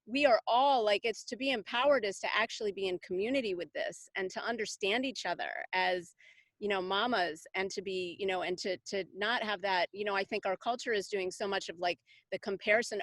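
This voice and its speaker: A woman's voice: mid-range voice, moderate pace, fairly bright tone, no echo. A middle-aged woman, a parenting coach, talking casually in an interview, rambling with many fillers and restarts. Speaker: parenting coach, summit guest.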